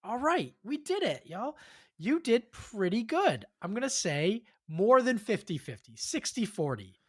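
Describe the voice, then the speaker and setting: A woman's voice: medium pitch, sing-song, unhurried, husky. A woman hosting a podcast, running a quiz for her co-hosts in an upbeat, encouraging way. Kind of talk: casual podcast chat.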